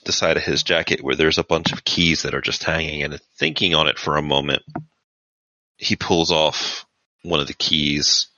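A man serving as game master, narrating a tabletop game in an unhurried, descriptive way with fillers. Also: very deep voice, pushed and bright, no room sound, highs cut off.

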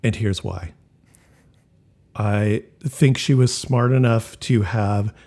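This podcast co-host has a lowish, mellow, slightly rough male voice. He chats casually about movies, blunt and profane, with a mocking edge.

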